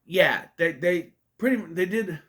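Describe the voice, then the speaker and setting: A man's voice: sits high, animated, unhurried, fairly bright tone. A man casually reviewing a movie, rambling and conversational with many fillers and restarts. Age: adult.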